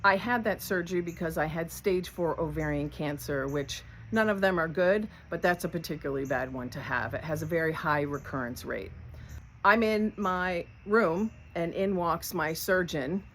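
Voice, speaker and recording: A woman's voice: low-pitched, fairly bright tone, a little hiss or hum. A woman telling her own survival story in a candid, conversational way, with light laughs. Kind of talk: personal storytelling to camera.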